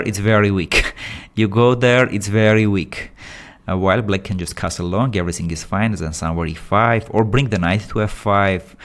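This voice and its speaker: Excitable man commentating chess. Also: lowish voice. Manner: animated, excitable, with non-native English phrasing. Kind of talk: live game commentary.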